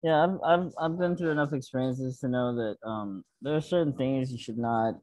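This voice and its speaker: A man's voice: mid-range voice, normal speed, darkish tone, dry recording, rough recording. A man hosting an interview, speaking bluntly and casually. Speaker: host.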